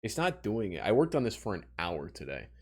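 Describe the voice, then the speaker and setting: A man's voice: fairly low pitch, huge pitch swings, fairly quick, darkish tone. A young man from Missouri chatting casually with his livestream audience, self-mocking and talking straight to chat.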